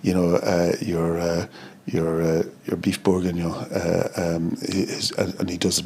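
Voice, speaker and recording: A middle-aged Irish man chatting as a podcast guest, starting and restarting phrases, and lively when he acts out what others said. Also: low-pitched, vocal fry, a little hiss or hum. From Ireland. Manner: halting, repeats words, animated when quoting others. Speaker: podcast guest, chip shop co-founder. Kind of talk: casual interview storytelling.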